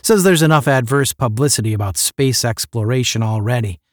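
A man's voice: medium pitch, brisk, no echo, clean studio sound, natural voice. A man voicing a retired spaceman who talks in a casual, slangy way in an audiobook. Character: retired male spaceman, casual and rough-spoken.

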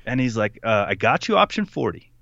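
A young man telling a story in casual conversation, animated, putting on voices for the people he quotes and laughing often. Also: mid-range voice, fairly quick, creaky, no echo, lo-fi sound. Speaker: podcast guest.

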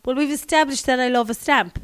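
An Irish woman of forty co-hosting a podcast, wry and laughing in casual chat, dropping quiet when she quotes herself. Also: high-pitched, brisk, smooth. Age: 40s. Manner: wry, laughing, drops to a soft muttering voice when quoting herself. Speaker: podcast co-host.

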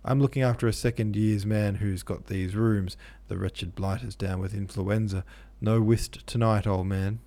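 A man's voice: fairly low pitch, fairly even intonation, normal speed, hardly any pauses, dark tone, lightly acted. A man voicing a cheerful, hearty young medical student who talks in a breezy, friendly way.

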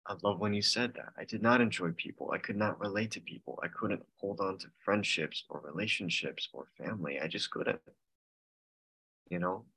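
A man in his twenties sharing at an online support meeting over a video call, earnest and halting, with nervous laughs. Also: sits low, sharp tone, slightly rough, poor audio. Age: 20s. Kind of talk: casual personal share.

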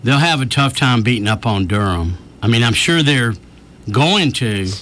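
A man's voice: mid-range voice, animated, normal speed, fairly bright tone. A man chatting casually about politics, agreeing with his co-host. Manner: agreeing, brief interjections.

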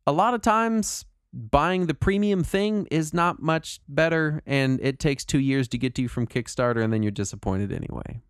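A man co-hosting a casual podcast chat, talking in a rambling, animated way with lots of fillers and restarts. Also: a little high, moderate pace, few pauses, clean tone, no echo, clean studio sound. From Texas. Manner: rambling, animated, puts on silly voices when quoting people. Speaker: podcast co-host.

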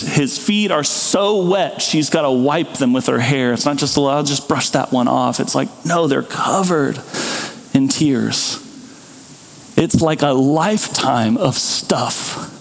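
A man preaching a sermon as pastor, telling the story with animated asides and acting out people's thoughts. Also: medium pitch. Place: church hall. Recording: reverberant church hall.

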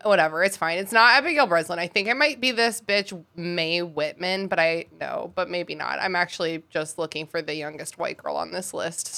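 A jokey woman in her late twenties chats casually on a podcast, laughing often. Her voice sits low yet rings with a bright, forceful edge. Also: creaky. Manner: giggly, jokey, irreverent. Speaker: podcast co-host. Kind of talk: casual chat.

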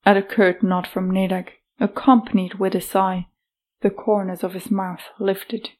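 A woman narrating an audiobook in a steady storytelling manner. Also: mid-range voice, unhurried.

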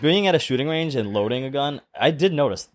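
A man's voice: mid-range voice, animated, fast talker. A man co-hosting a podcast, asking questions and reacting with jokes in casual chat. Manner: asks questions, joking reactions. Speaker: podcast co-host.

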